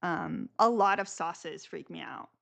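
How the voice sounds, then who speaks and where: A woman's voice: lowish voice, a little slow, gravelly, a bit bright. A young woman hosting a live stream, chatting casually and rambling with lots of filler words.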